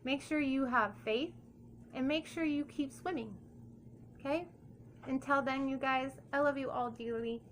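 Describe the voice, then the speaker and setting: High-voiced woman reading a story. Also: measured pace, slight background noise. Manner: encouraging, repeats "okay?". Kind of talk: reading a children's story aloud.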